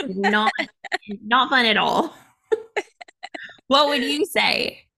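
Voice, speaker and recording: A woman's voice: on the high side, lively intonation, very slow, creaky, sharp tone, husky. A woman in her thirties with a Southern country accent, chatting playfully and laughing often as co-host. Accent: American Southern country. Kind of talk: casual chat.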